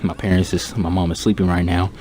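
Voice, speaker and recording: A young man giving off-the-cuff gaming advice as a YouTuber, keeping his voice subdued and monotone, rambling casually with lots of fillers. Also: sits low, fast, slight background noise. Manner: laid-back, rambling with many fillers.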